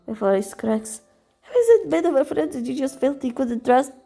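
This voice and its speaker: A woman's voice: high voice, moderate pace, creaky, warm tone, husky, faint music behind. A woman reading a visual novel aloud in the first person, emotional, with stumbles and restarts. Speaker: reader voicing a visual novel.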